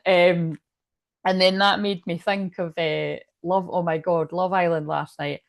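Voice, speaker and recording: Woman, tarot reader, rambling chatty delivery, low-ish voice, gravelly fry. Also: fairly even intonation, unhurried, no room sound, clean studio sound. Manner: chatty, meandering, frequent fillers and asides. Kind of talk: casual rambling tarot reading.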